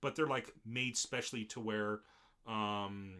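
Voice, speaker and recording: Bright-voiced young man recapping an anime. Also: on the low side, takes it slowly, smooth. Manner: animated, acts out character lines in shifting voices. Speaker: podcast co-host. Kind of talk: casual anime recap chat.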